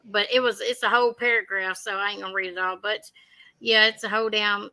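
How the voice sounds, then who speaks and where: A woman's voice: medium pitch, steady tone, fast talker, sharp tone, no room sound, low-quality recording. A woman in casual chat, teasing and blunt, swearing freely.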